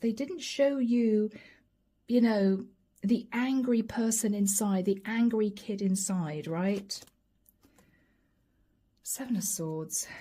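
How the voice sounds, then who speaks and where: A woman giving a chatty tarot reading to camera, slipping into quoted voices. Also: a little high. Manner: lively, chatty, often acts out quoted voices and asides. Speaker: tarot reader.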